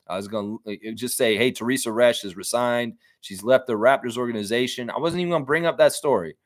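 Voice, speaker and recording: A man's voice: quick pace, no room sound. A man hosting a basketball fan live stream, chatting casually, reading viewer comments and ranting with the odd swear. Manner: animated, jumps into high-pitched mock voices when quoting people.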